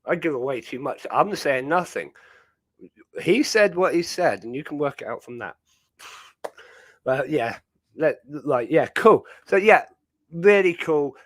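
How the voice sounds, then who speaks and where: Young British male host, casual rambling chat, slightly high voice, dry close sound. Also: lively intonation, measured pace, pauses often, a bit bright, dry recording. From Britain. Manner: rambling, chatty, many fillers. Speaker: livestream host.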